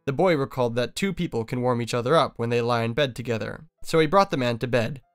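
Male audiobook narrator, steady fairy tale storytelling, resonant and clear, mid pitch. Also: fast, soft background music.

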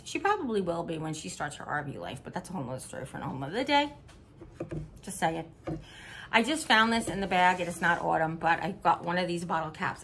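A woman's voice: fairly low pitch, fairly bright tone, slight background noise. A middle-aged woman from Missouri chatting casually in a haul vlog, upbeat and giggly, with rambling asides. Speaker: vlogger.

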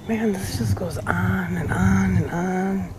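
A woman vlogging outdoors in a cemetery, chatting casually and coaxing the animals she meets in a gentle voice. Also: medium pitch, noisy background. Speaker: travel vlogger. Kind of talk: casual vlog narration.

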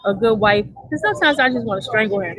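A woman's voice: on the high side, expressive, fast talker, crowd noise. A woman chatting casually and teasing playfully, laughing often. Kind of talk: casual chat.

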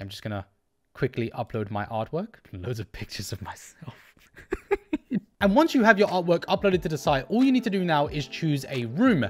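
A woman hosting an art channel, talking in an upbeat, enthusiastic and jokey way through a casual vlog and sponsor read. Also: mid-range voice.

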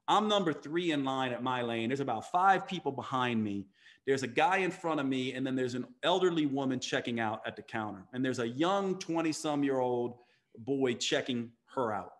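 A man with a mid-range voice and lively intonation speaks at a normal speed. He's a physician and coach appearing as a podcast guest, telling a story emphatically in interview style and acting out the voices of the people in it.

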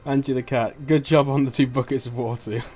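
A man's voice: mid-range voice, steady tone, fairly quick, warm tone, soft background music. A man playing a tabletop game and reading the stream chat aloud, giggly and apologetic. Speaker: player.

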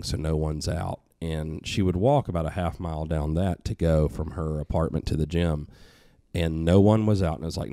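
Very deep-voiced man telling a story. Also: no echo, clean studio sound. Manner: animated, profane, acts out quoted voices. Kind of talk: casual podcast storytelling.

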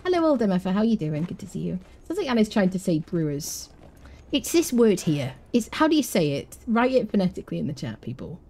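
A woman's voice: medium pitch, sing-song, fairly quick, dark tone. A woman streaming a game live, chatting loosely and answering her chat as she plays.

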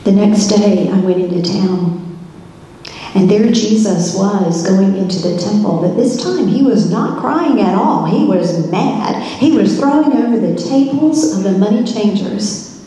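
A woman's voice: medium pitch, expressive, measured pace, dark tone, a little hiss or hum, close to an everyday voice. A woman pastor playing a curious, searching Roman governor's wife in a first-person church monologue, asking many wondering questions. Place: church sanctuary. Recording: echoey church hall.

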